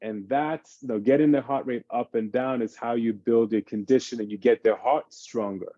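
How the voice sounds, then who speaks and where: A man, a fitness expert on a parenting panel, explaining exercise routines in an animated, casual way. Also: medium pitch, moderate pace, no echo, highs cut off. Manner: animated, explains by acting out his kids' games.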